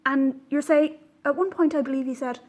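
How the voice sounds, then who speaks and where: A woman's voice: high-pitched, fairly even intonation, normal speed, darkish tone. A woman hosting a knitting podcast, talking in an indignant, emphatic way with frequent "um"s. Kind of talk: casual vlog monologue.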